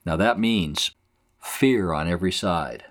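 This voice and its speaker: A man's voice: deep voice, expressive, a little slow. A man teaching a Bible passage verse by verse, explaining it in plain conversational terms. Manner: explains scripture conversationally, acts out quotes.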